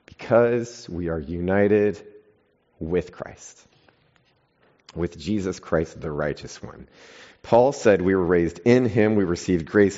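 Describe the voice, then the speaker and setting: Low-voiced preacher in dull lo-fi sound. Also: male voice. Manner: emphatic scripture reading with long pauses and sudden quiet stresses; conversational asides to the congregation. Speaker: pastor. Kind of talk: sermon.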